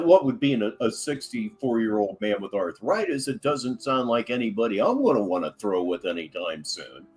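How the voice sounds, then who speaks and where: Male reaction host, crude and mocking, very lively intonation. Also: on the low side. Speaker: commentary host. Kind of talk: reaction commentary.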